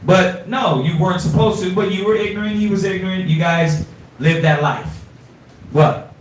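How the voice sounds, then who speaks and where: A man teaching an informal scripture class, animated and streetwise, quizzing his students, recorded from afar in an echoey room. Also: sits high, moderate pace, recorded from a distance, background noise.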